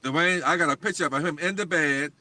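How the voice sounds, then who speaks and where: A man's voice: on the high side, fairly quick, pushed and bright. A man talking as a guest on a livestream talk show, speaking emphatically and insistently.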